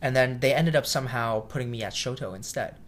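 A man who works as a cook, telling a story in a casual interview. He acts out the voices in his story, sometimes loudly, and calls himself shy. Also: mid-range voice, fast talker. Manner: self-described shy.

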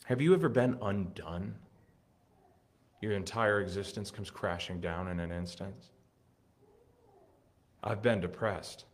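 A man with a fairly low voice delivers a sermon. He talks earnestly, swelling with excitement on key lines and then falling quiet and reflective. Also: unhurried. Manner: earnest, builds to excited emphasis then drops soft. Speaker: preacher.

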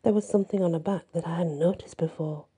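A woman narrating a first-person horror story in a plain, measured storytelling manner. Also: fairly low pitch, mellow, breathy edge.

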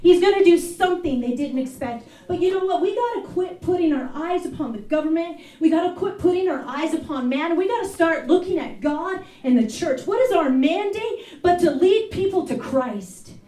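A woman elder preaches with fervent, exhorting urgency, her voice high-pitched yet mellow in tone. She is heard from some distance in an echoey church room. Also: animated, normal speed, hardly any pauses. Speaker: elder sharing at a fellowship service. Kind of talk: sermon. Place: church fellowship service.

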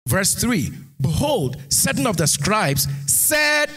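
A man preaching a sermon who reads scripture aloud and builds into shouted, sing-song exhortation. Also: high-pitched, very animated, slow, breathy edge. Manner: reads scripture aloud, King James phrasing. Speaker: pastor.

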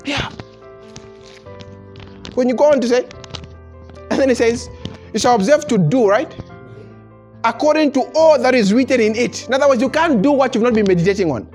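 A man's voice: very high-pitched, moderate pace, long pauses, soft background music. A man preaching a sermon to a congregation. He chuckles often and restarts his phrases as he builds his point. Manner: animated preaching with frequent chuckles and repeated words. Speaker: pastor. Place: church service before a congregation.

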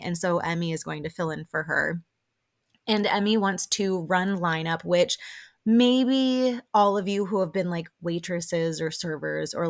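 A woman hosting a podcast, recapping a reality show in a chatty, animated way and acting out the quotes. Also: fairly low pitch. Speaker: podcast host.

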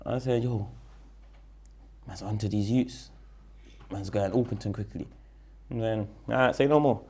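A man's voice: lowish voice, measured pace, breathy edge. A young man with a London accent, a guest telling a story in a casual interview, rambling and full of street slang. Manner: slangy, rambling, animated when retelling.

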